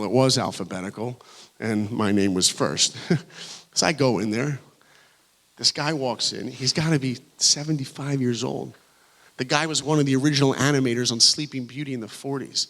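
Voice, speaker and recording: A man giving a motivational talk to high school students, telling his story with animation and acting out the dialogue. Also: fairly bright tone. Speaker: guest speaker. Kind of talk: motivational speech. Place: large school hall.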